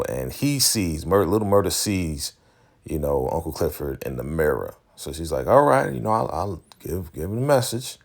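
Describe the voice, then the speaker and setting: A man casually recapping a TV episode, animated, loosely acting out the characters' lines and laughing often. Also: low voice. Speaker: recap vlogger.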